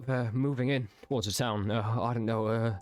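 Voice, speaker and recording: A man's voice: medium pitch, moderate pace, faint music behind, natural voice. A man voicing a young, exhausted male soldier who stammers and gasps as he reports. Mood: shaken, stammering. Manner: breathless, stammering, gasping.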